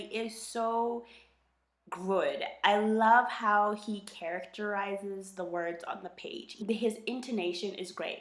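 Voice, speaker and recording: A woman's voice: mid-range voice, a bit bright. A woman casually reviewing a book for her channel, chatty and gushing, full of little fillers. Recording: roomy echo.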